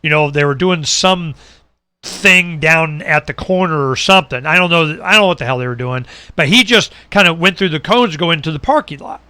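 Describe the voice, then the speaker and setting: A middle-aged man hosting a talk show, telling a long story in casual chat, animated and dropping low for asides. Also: moderate pace, smooth, no echo. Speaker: radio show host.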